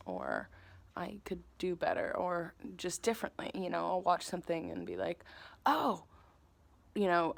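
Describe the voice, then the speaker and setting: A woman's voice: lowish voice, gravelly. A young woman vlogging casually to the camera, thinking aloud in a rambling, self-mocking way. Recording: faint background noise.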